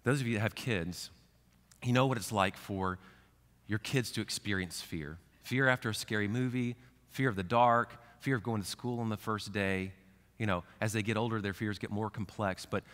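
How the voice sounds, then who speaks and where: A man's voice: lowish voice, moderate pace. Man preaching a sermon in a reverberant church. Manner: conversational preaching, swings from hushed to fervent. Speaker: pastor. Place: church sanctuary.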